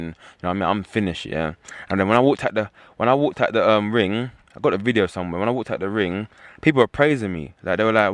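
A young man rattles through his story at a fast clip, voice sitting fairly low. The sound is dry and close, with no room around it. He keeps circling back to "you know what I mean" as he talks. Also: expressive, no echo. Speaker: professional fighter as guest. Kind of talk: casual interview talk.

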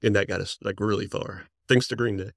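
A man in his forties, a musician guest, telling stories in a rambling, excited way and laughing often. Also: fairly low pitch, brisk, gravelly, no room sound, clean studio sound. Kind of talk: casual storytelling.

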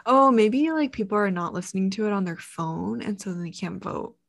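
A woman's voice: medium pitch, expressive, moderate pace, creaky. Chatty young woman podcast co-host. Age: 20s. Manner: chatty, lots of "like", laughs often. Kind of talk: casual chat.

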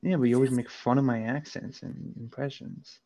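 A man hosting a casual chat, playful and quick to laugh and swear. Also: medium pitch, fairly even intonation, vocal fry, warm tone. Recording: dull lo-fi sound.

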